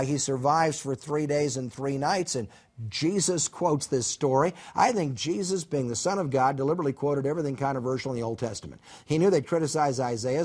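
A middle-aged man with a high-pitched voice teaches a college Bible class. He tells the story with lively energy and slips into characters' voices with big jumps in pitch. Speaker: professor.

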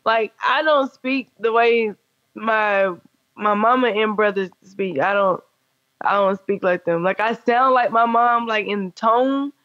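A woman's voice: on the high side, a little slow, fairly bright tone. A young woman joining over a video call, chatting casually in a blunt, matter-of-fact way. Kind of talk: casual chat. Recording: muffled video call audio.

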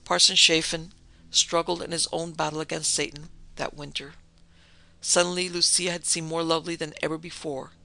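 A man narrating a classic horror story in a measured, dramatic storytelling manner. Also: a little high, flat delivery, gravelly, bright, forceful tone, no echo, low-quality recording.

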